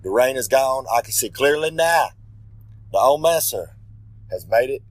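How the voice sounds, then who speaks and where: With lively intonation and a medium-pitched voice at normal speed, a man gives a rambling, self-assured wrestling promo, calling himself by name in the third person and correcting himself along the way. He's a pro wrestler on a regular segment, recorded roughly with no room sound.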